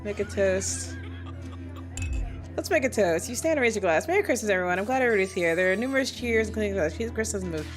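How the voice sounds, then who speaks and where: A young woman streaming a game, reading its text aloud and bursting into loud, cursing, indignant rants. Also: medium pitch, lively intonation, quick pace, music in the background. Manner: swears a lot, laughs mid-sentence. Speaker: VTuber streamer. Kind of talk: casual gameplay commentary.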